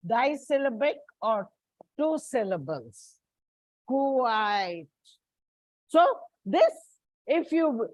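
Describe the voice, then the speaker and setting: Slow-speaking high-voiced woman teacher. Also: dry recording, poor audio. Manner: slow, explaining step by step. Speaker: English teacher. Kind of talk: classroom lecture.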